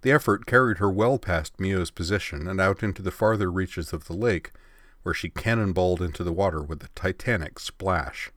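A man with a very low, deep voice reads a story aloud in a measured, expressive way. The sound is close and dry, with no room around it. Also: no room sound. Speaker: narrator. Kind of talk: storybook narration.

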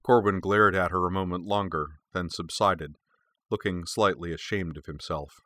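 A man narrating an audiobook in a measured, expressive reading. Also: sits low, no room sound.

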